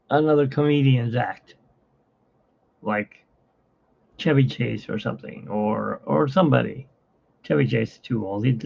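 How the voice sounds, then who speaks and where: A man's voice: mid-range voice, vocal fry. A man hosting a casual livestream from his phone, rambling and chatty with frequent laughs, in dull lo-fi phone audio. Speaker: livestream host.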